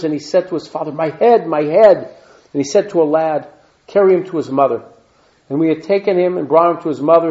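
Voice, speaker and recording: A man with a fairly high, slightly mellow voice reads scripture aloud as a Torah teacher. After each verse he breaks in with plain asides and Hebrew terms. The recording is dull and lo-fi.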